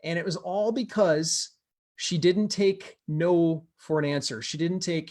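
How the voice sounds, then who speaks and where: A man's voice: fairly high pitch, measured pace, darkish tone. A man hosting an investing group, telling a member's success story with energy and repeating words for emphasis. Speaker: host of a real estate investing group. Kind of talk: motivational storytelling to camera.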